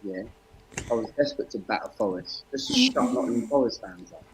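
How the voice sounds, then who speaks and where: A man co-hosting a football stream, chatting casually and getting excitable and defensive when teased. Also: fairly low pitch, a little fast, slight background noise, rough recording. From half Italian. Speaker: co-host. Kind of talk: casual football fan banter.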